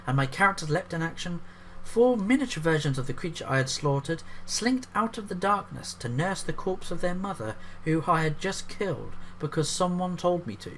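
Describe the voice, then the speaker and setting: A man's voice: on the high side, lively intonation, moderate pace, hardly any pauses. A man reading an article aloud and breaking off into sarcastic, profane commentary. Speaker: YouTube commentator.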